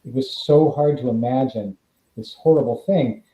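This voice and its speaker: A man's voice: medium pitch, normal speed. A man, a guest actor and author, chatting casually and acting out the voices in his stories. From California. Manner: animated storyteller, acts out quoted voices. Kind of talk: casual interview chat. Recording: dull, roomy remote audio.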